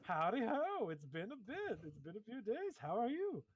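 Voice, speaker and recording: A jolly male octopus clown with a put-on Southern drawl, played by a man. He leaps up into high, swooping, sing-song tones and cackles. The recording is close and dry. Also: wildly swooping pitch, moderate pace, slightly rough, no room sound, exaggerated voice. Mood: giddy.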